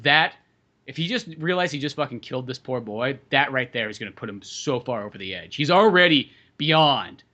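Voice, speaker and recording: A man co-hosting a podcast, chatting casually about movies in a rambling, animated way with lots of swearing. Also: mid-range voice, a little fast, highs cut off. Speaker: podcast co-host.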